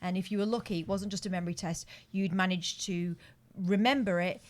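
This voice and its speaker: A woman's voice: fairly low pitch, fairly even intonation, brisk. Earnest woman explaining her teaching. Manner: earnest, explaining, bouncing back at teasing. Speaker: teacher and podcast co-host. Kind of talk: casual chat.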